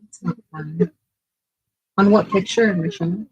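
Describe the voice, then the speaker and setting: A woman's voice: medium pitch, a little slow, husky, no room sound, lo-fi sound. A woman chatting casually while painting at home, cooing sing-song at her dogs. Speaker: artist and vlogger.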